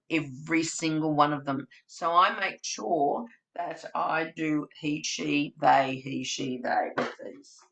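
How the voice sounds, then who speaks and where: A woman leading an educators' webinar, speaking at an unhurried pace and breaking into playful story voices and sound effects as she shows off her props. Her voice is bright and forward, with a slightly low pitch. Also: rough recording. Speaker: webinar presenter for family day care educators.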